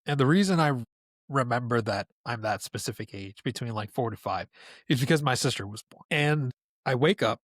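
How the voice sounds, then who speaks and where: A man, a podcast guest telling a childhood story in a casual, animated way and laughing often. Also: medium pitch, brisk, dry recording, clean studio sound. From New York, USA.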